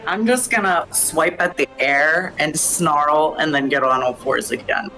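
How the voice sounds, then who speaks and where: A man's voice: a little high, measured pace, bright, forceful tone, faint music behind, poor audio. A man playing in a tabletop game, talking casually with slang and stammered restarts. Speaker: player.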